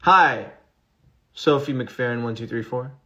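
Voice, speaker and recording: A man's voice: mid-range voice, measured pace, pushed and bright. A male actor casually reading out fan questions during a livestream and answering with fillers and restarts. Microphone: phone.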